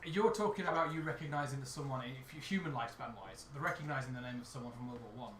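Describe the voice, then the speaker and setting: A man running a tabletop role-playing game as dungeon master, explaining rules and lore in a lively, joking way. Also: mid-range voice, quick pace, roomy sound, noisy background. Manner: lively, jokey, switches into put-on accents.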